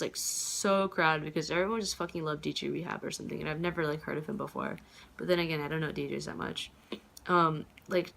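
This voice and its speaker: A woman's voice: fairly low pitch, vocal fry, fairly bright tone. A woman in her twenties chatting casually in a vlog, rambling with lots of fillers and frequent cursing. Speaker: vlogger.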